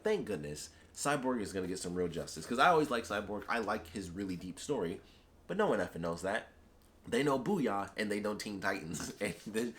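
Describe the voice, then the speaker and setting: A man's voice: lowish voice, a bit bright. A man giving a casual, rambling spoken film review, enthusiastic and full of fillers. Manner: rambling and enthusiastic, heavy on "like" and "you know". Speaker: YouTube movie reviewer.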